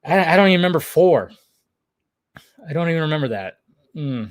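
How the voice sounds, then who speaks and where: A man's voice: fairly high pitch, animated, fairly quick, no echo, studio quality. Profane, rambling man on a livestream. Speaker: livestream host reading chat. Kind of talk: casual livestream chat.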